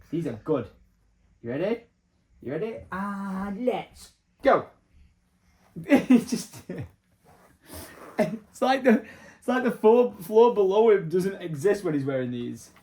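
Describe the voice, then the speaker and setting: A man's voice: sits high, animated, a little slow, pauses often, darkish tone, husky, low-quality recording. A man, chatting casually through a home vlog and cheering on his toddler. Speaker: vlogger.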